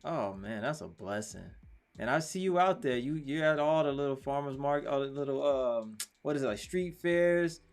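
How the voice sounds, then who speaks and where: Guy hosting a chill interview, mid pitch, keeps saying wow. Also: moderate pace. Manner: encouraging, lots of "wow" and "yeah". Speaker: show host. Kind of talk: casual interview.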